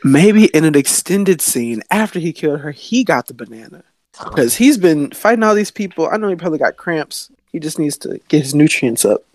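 Male podcast co-host, easygoing jokester, higher pitch, lively delivery. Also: moderate pace, dry recording. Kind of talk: casual chat.

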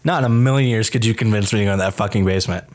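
A man hosting a podcast, retelling a film scene in casual chat, animated and profane. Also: lowish voice, rapid-fire. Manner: animated, profane storytelling with many fillers. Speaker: podcast host reviewing a film.

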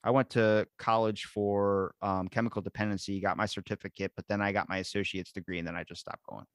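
A man's voice: on the low side, little pitch movement, brisk, no room sound, studio quality. A man hosting a podcast, chatting casually, rambling and swearing freely. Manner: profane, rambling, laughs at himself. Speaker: podcast host. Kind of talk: casual chat.

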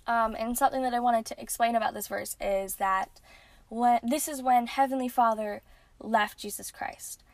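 A woman's voice: on the high side, fairly even intonation, moderate pace, no room sound. A woman hosting a podcast and giving a casual religious lesson in an earnest way, with frequent ums and restarts. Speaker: podcast host.

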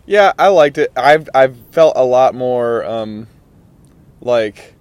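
A young man hosting a casual podcast interview. He talks in a relaxed, rambling way and often calls people "man". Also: medium pitch, takes it slowly, clear, resonant tone, dry recording, muffled recording. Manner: laid-back, rambling, says "man" a lot. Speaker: podcast host.

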